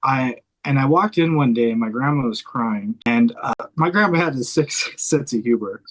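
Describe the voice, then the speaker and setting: A man's voice: medium pitch, moderate pace, poor audio. Earnest man, a hospice chaplain. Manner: earnest, heartfelt, close to tears while telling it. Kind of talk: personal storytelling in an interview. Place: room in a private house.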